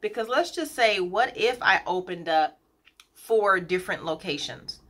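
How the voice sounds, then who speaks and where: A woman in her thirties talking to her viewers in a candid, chatty vlog, pausing often with fillers. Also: mid-range voice, animated, fairly bright tone. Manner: chatty, candid, gets emotional, many fillers. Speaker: colon hydrotherapist and business owner.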